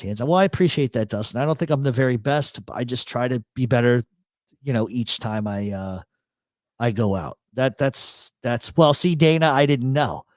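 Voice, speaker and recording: A New York man hosts a casual livestream chat from his home studio, blunt, joking, and swearing freely. His medium-pitched voice runs through an expensive studio mic and a voice processor, with no room sound.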